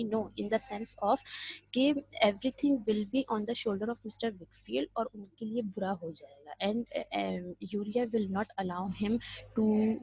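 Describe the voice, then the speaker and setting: A woman's voice: medium pitch, a little mellow, breathy edge, no room sound, poor audio. A woman, teaching as she reads a novel aloud and explains each passage, now and then slipping into Hindi.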